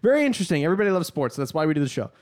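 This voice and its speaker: A man's voice: a little high, very animated, very fast, darkish tone. A man co-hosting a podcast, ranting with exaggerated, vitriolic complaints in casual chat. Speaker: podcast co-host.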